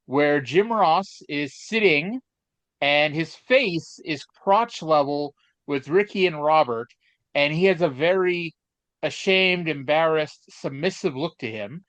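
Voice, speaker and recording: On a casual chat podcast, a male co-host with a slightly bright, higher voice tells stories unhurriedly and expressively. He meanders and hesitates, using many fillers, and the recording is dull, lo-fi, and echo-free.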